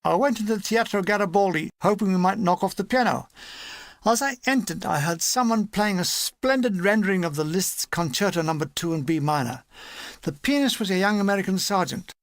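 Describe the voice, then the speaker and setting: A man reading a war memoir aloud as an audiobook narrator, lively and animated, slipping into character voices. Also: high voice, brisk, dry recording, studio quality. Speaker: audiobook reader.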